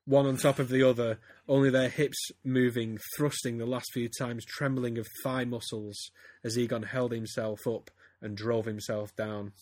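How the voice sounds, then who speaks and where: A man's voice: medium pitch, little pitch movement, normal speed, few pauses, darkish tone, no room sound, clean studio sound. A man, a podcast host giving a theatrical comic reading of a story. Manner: reads theatrically, breaks into laughter. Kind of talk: comedic dramatic reading.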